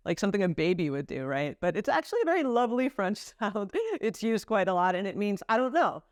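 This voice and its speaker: A woman's voice: medium pitch, animated, a little fast, hardly any pauses, no echo. Chatty American woman, dry close sound. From United States. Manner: chatty, light and explanatory. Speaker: vlogger. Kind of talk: casual vlog talk to camera. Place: home in France.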